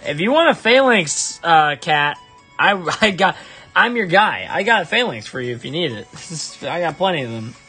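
A man chatting casually on a live stream while opening trading cards, excitable and prone to high exasperated yelps. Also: normal speed, soft background music. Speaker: live-stream card opener.

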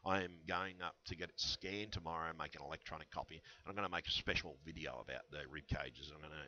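Man, deep voice, rambling vlog talk, conspiratorial, dull headset sound. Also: fast talker, bright, forceful tone. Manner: rambling, conspiratorial, full of fillers and restarts. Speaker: channel host. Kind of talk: rambling vlog monologue answering comments.

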